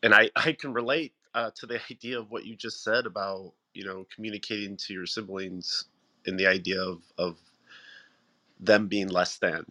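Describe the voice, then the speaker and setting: A man sharing personal reflections in a group room, speaking haltingly with many restarts. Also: fairly low pitch, steady tone, sharp tone.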